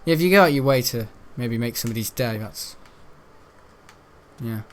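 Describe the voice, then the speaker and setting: With a mid-range voice, lively intonation and a normal pace, a young British man hosts a gameplay video. His talk is casual and wandering, packed with fillers and self-corrections.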